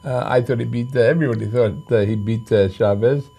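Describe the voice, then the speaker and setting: A man's voice: medium pitch, fairly quick, gravelly, dark tone, husky. Rambling older man telling stories. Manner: rambling, full of fillers and restarts, acts out quoted lines. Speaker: boxing trainer and manager. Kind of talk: storytelling in an interview.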